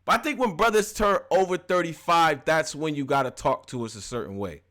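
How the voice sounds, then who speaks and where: A man in his early thirties hosting a live call-in show, telling animated, slang-heavy stories and then sliding into loose, mumbled housekeeping. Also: moderate pace. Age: early 30s. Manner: animated slangy storytelling, switches to loose low-key housekeeping. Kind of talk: casual live call-in monologue.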